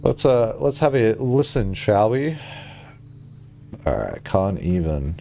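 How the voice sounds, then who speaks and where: A man chatting casually on a live stream, rambling and laughing often, jumping up high when excited, on a headset mic. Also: measured pace, creaky, soft background music.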